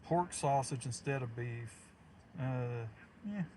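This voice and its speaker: A man's voice: mid-range voice, slow, mellow, slight background noise. Chatty storm-chasing man in a car. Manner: chatty, rambling storyteller who chuckles often. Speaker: storm chaser streaming live. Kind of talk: casual live-stream chat.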